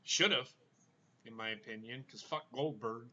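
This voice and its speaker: Brief: blunt, profane male podcast host with a bright voice, recorded on a muffled lo-fi mic. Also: medium pitch, a little slow. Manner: blunt and profane, stammers when starting a point. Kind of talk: casual wrestling chat.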